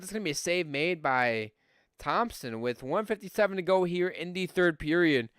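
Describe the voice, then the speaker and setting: A man's voice: sits high, moderate pace, clear, resonant tone, no room sound, clean studio sound. Young Buffalo guy calling hockey live. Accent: Western New York. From Buffalo, New York. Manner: casual, chatty with fillers, rising excitedly on scoring chances. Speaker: podcast host doing live play-by-play. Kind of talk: live hockey play-by-play on a stream.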